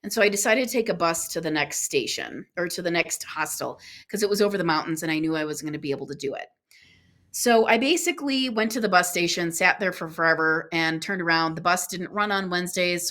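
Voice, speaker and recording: A woman guest on a podcast, telling a personal travel story in an earnest, animated way, acting out what people said. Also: lowish voice, quick pace.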